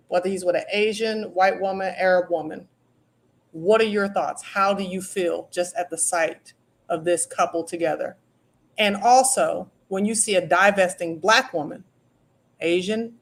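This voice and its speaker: A woman hosting a panel discussion, lively and encouraging as she puts questions to guests. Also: fairly low pitch. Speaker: host.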